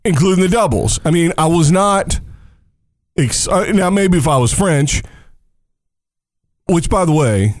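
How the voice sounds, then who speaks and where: A man co-hosting a casual tennis talk show, who is also a coach, animated and jokey, firing off emphatic rhetorical questions. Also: fairly high pitch, measured pace, long pauses, no echo, studio quality. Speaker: tennis podcast co-host. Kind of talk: casual sports chat.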